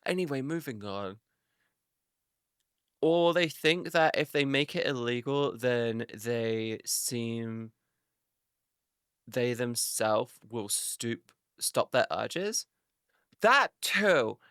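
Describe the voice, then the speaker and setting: A woman's voice: rumbling low, slow, long pauses, smooth, dry recording, studio quality. A woman streamer in a casual live chat with her viewers, ranting animatedly, swearing a lot and laughing often.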